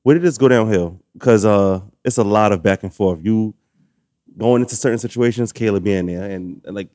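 A man's voice: fairly low pitch, moderate pace, mellow, dry recording, clean studio sound. A man co-hosting a casual chat, reacting briefly and asking follow-up questions.

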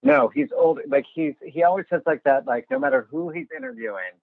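A man co-hosting a live podcast in casual chat, with deadpan, wry asides. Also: on the high side, a little fast, gravelly, no room sound. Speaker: podcast co-host. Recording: tinny phone-like sound.

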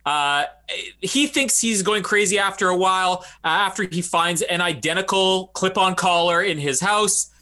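A man co-hosting a casual movie podcast, laughing often and slipping into quick comic voices. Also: high voice. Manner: laughs often, animated, does quick funny voices for quoted characters. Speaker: podcast co-host. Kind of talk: casual movie-review chat.

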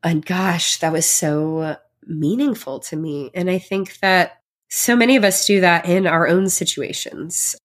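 A woman's voice: lowish voice, measured pace. A pregnant woman hosting her own podcast, talking in a heartfelt, reflective way, chatty and full of fillers. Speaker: podcast host. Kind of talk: personal solo podcast.

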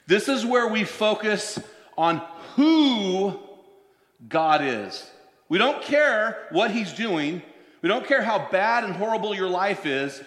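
Preaching pastor with a higher voice. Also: male voice, lively intonation, fairly bright tone. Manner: storytelling, slows down to stress scripture. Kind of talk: sermon. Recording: echoey hall, long reverb.

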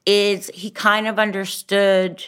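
A woman guesting on a podcast, telling stories in an animated, enthusiastic way. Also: medium pitch, slow pace, smooth. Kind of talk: casual chat.

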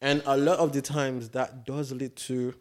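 A man's voice: mid-range voice, level tone, unhurried, darkish tone. A man in casual chat, blunt and advice-giving, firing off rhetorical questions.

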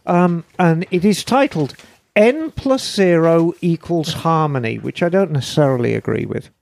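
A woman co-hosting a podcast, chatting casually in an animated, gushing, jokey way. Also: low-pitched, moderate pace, creaky. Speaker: podcast co-host. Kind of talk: casual chat.

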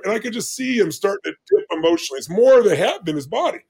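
Gravelly, husky-voiced man in his 60s. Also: animated, fast talker, darkish tone. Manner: emphatic, dramatic storyteller with big swings of pitch. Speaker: podcast guest. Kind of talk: animated storytelling in conversation.

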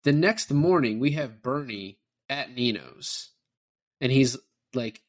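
A man in a relaxed film chat, talking at a medium pitch with plenty of swearing. He acts out the characters' lines as he goes and stays animated throughout. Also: takes it slowly. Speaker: podcast co-host. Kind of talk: casual film discussion.

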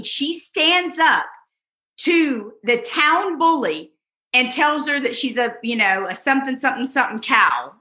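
A woman with a high, bright, forceful voice gives a motivational lesson straight to her listeners. She leans on repetition for emphasis and speaks fondly to them. The sound has a roomy echo. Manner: emphatic, repeats phrases for effect; addresses listeners fondly and directly. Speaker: online course instructor. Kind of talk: motivational teaching talk.

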